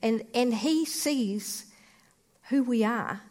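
A woman giving a personal faith testimony in an earnest, heartfelt way, speaking in short, halting phrases. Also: a little high, darkish tone.

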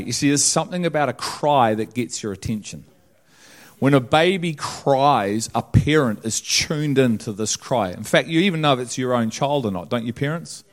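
A man preaching in a middle-pitched voice. He moves from a calm recounting of a vision to loud, drawn-out preaching, stretching key words. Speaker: pastor. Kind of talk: sermon.

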